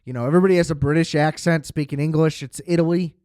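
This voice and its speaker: Smooth, dry-sounding podcast host rambling sarcastically. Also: male voice, a little high, fairly even intonation, fast talker, darkish tone, no room sound. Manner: rambling, sarcastic, swears freely, many fillers. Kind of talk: casual film review monologue.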